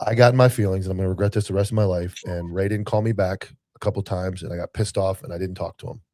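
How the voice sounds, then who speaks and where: A man's voice: sits low, steady tone, fast, a little mellow, dry recording. A man hosting a podcast, talking in a casual, rambling way with many restarts. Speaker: podcast host. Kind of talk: casual chat.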